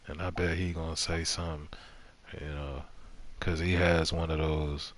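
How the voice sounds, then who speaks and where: A man's voice: a bass voice, flat delivery, moderate pace. A man streaming a game, telling rambling stories in casual, profane chat.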